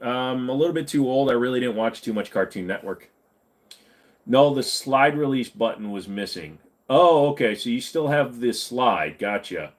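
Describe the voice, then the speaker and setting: A man's voice: mid-range voice, animated, moderate pace. A man hosting a firearms channel, answering viewer questions in a laid-back, rambling way with casual swearing. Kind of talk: casual livestream Q&A.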